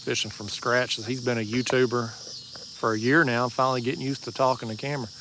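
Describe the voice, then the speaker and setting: A man with a relaxed East Tennessee Southern drawl talks easily through a fishing livestream, folksy and joking as he answers his viewers. His voice sits in an ordinary middle register. He is recorded outdoors at night, with faint crickets and insects chirping behind him. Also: medium pitch, a little fast, background noise. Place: outdoors at a marina bank at night.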